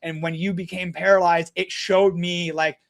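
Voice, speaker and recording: A young man talks in a casual podcast chat, his voice sitting high for a man. He tells his stories bluntly and swears freely. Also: level tone, normal speed, gravelly. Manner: blunt, profane storytelling. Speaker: guest.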